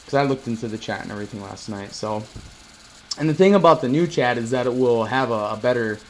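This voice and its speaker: A man's voice: mid-range voice, fast. A man chatting casually to viewers on a live stream, rambling and swearing now and then. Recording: roomy echo, faint noise.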